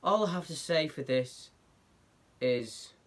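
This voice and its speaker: A man's voice: a little high, lively intonation, takes it slowly. A young man hosting a casual online news roundup, blunt and sarcastic in his remarks. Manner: blunt, sarcastic, mocking impressions. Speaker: news show host.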